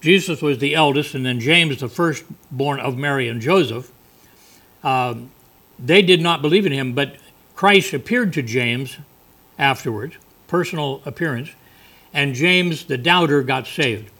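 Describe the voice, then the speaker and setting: Bright-voiced male preacher. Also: medium pitch, measured pace. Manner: folksy, conversational preaching with asides. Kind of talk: sermon.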